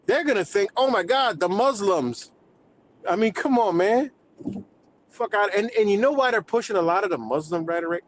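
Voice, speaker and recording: A man goes off in a fired-up, profane rant on his own livestream. He talks in loose streetwise slang and keeps his voice a touch high. A faint low rumble sits under the recording. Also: lively intonation, brisk, rough recording. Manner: heated, swearing, streetwise slang, laughs between points. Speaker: livestream host.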